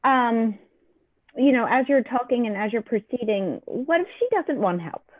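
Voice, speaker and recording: A woman with a fairly high voice offers her thoughts hesitantly, pausing on fillers as she joins a webinar discussion. Her audio is thin and tinny, like a phone line, with no room sound at all. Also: animated, no room sound. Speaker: webinar participant. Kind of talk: casual discussion.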